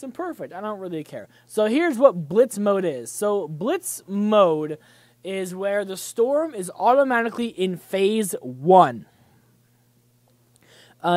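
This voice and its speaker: A man's voice: high-pitched, a little mellow, no room sound. A young man hosting a casual livestream, chatting loosely about gaming news with many fillers and restarts. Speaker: livestream host.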